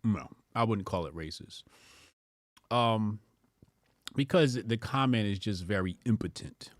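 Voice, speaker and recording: A man's voice: fairly low pitch, lively intonation, a little slow, no echo. A man streaming casual reaction commentary who laughs often, speaks bluntly and profanely, and talks to his chat.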